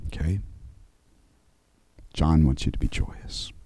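A man preaching a conversational sermon, slowing and rising to stress key points and checking in with his listeners. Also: extremely low pitch, mellow, slightly rough, no echo, low-quality recording. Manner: conversational preaching, frequent "okay?" check-ins. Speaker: pastor.

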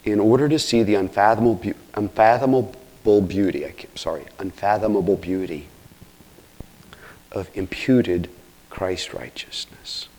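A man preaching an expository sermon, earnest, with self-corrections and asides, swinging from hushed near-whispers to loud, emphatic exclamations. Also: on the low side, normal speed. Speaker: pastor.

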